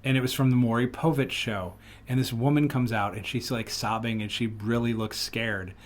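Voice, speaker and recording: Man, podcast host, casual chat, animated retellings, mid pitch. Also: moderate pace. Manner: animated storyteller, lively retellings.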